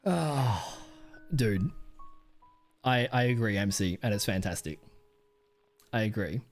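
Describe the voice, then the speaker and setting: A man's voice: on the low side, expressive, takes it slowly, soft background music. A man from Australia with an Australian accent, rambling crudely on a casual livestream and laughing often. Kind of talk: casual stream chat.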